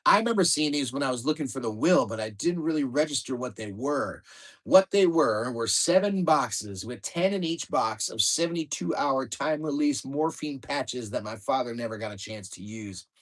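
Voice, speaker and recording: A man reads aloud from his own memoir in a middle-pitched voice. His delivery is wry and lively, and it rushes ahead at the exciting parts. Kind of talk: storytelling book reading.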